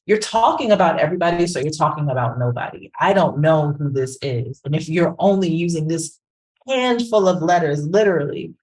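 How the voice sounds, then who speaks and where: Animated woman podcast co-host. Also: medium pitch, rough recording. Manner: animated, keeps asking "right?". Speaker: podcast co-host, branding professional. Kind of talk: casual conversational commentary.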